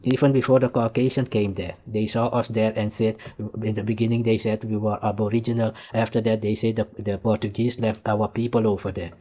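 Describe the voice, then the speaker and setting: A man from Suriname with a Surinamese accent gives heated reaction commentary in a fairly low voice. He lectures, repeats himself and keeps pressing the listener to understand. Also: flat delivery, a little fast, few pauses, dark tone. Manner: heated, lecturing, repeats "you see" and "nigga". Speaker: commentator reacting to archive clips.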